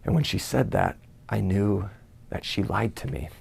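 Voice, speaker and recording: A young man tells his own story with earnest feeling. His low voice has a gravelly, creaky texture, and he sometimes voices his own inner thoughts. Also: normal speed, darkish tone. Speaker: speaker giving a personal testimony. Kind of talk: personal testimony talk.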